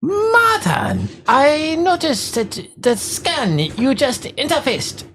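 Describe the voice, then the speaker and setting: A man's voice: very high voice, wildly swooping pitch, slow, a bit bright, a little hiss or hum, full character voice. A man playing a stern boss who fires an employee in a cold, formal, clipped way, in a comedy sketch.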